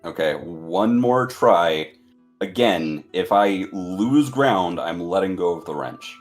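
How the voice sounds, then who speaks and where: Deep-voiced man playing a tabletop game. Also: expressive, faint music behind. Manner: deliberate, swears freely. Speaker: player. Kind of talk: casual tabletop play.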